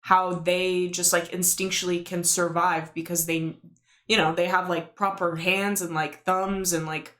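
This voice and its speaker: A woman's voice: on the low side, little pitch movement, measured pace, fairly bright tone. A woman from Washington State co-hosting a comedy podcast, talking casually and hedging, with many "like"s. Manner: casual, hedging, heavy use of "like". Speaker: podcast co-host. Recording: echoey room.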